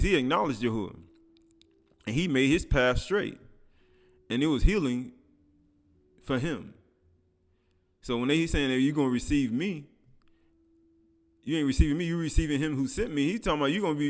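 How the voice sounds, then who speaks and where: A man's voice: fairly high pitch, brisk, long pauses. A man preaching a sermon, reading scripture aloud and commenting in casual speech with laughs.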